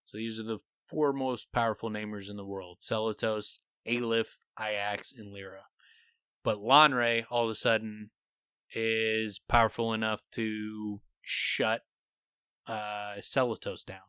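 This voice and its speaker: A man co-hosting a podcast, animatedly thinking out loud as he retells and theorizes about scenes from a book. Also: on the low side, steady tone, unhurried, clear, resonant tone, no echo. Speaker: podcast co-host. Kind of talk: casual podcast discussion.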